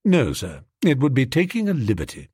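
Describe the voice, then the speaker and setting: A man's voice: medium pitch, huge pitch swings, fairly quick, darkish tone, husky, no echo, studio quality, heavily acted. A man voicing a proper male valet who speaks formally and with restraint. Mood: reserved. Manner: formal, restrained, clipped replies.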